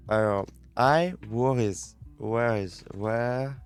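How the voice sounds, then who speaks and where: Here a Frenchman, a native French speaker, reads English lessons on a study stream in his French accent and repeats words as he drills pronunciation. His voice is fairly low in pitch. Faint music can be heard behind him.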